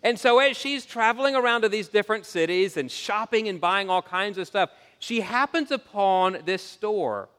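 A man preaches to his congregation with earnest, animated storytelling and a slightly high voice. His words ring out with a long reverb from a large hall. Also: moderate pace, hardly any pauses, clear, resonant tone. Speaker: pastor. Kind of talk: sermon.

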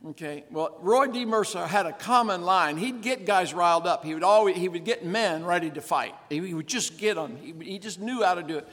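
A man's voice: high voice, brisk, few pauses, a bit bright. A male pastor delivering an earnest, emphatic sermon full of rhetorical questions. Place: church. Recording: reverberant church sanctuary.

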